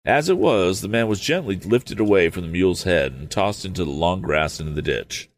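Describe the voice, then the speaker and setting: A man's voice: sits low, expressive, a little fast. A man reading an old novel aloud, stopping for hesitant, apologetic asides. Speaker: audiobook reader.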